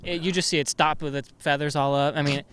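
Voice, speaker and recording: Young male podcast host, rambling storyteller, crude, slightly high pitch. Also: steady tone, fast talker, fairly bright tone, smooth. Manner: rambling storyteller, swears a lot. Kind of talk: casual chat.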